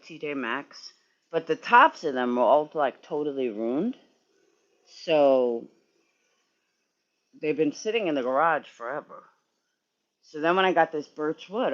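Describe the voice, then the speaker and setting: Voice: mid-range voice, a bit bright, lo-fi sound. A sleepy, yawning streamer rambling and swearing in casual chat with viewers while working in a garage. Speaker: livestreamer.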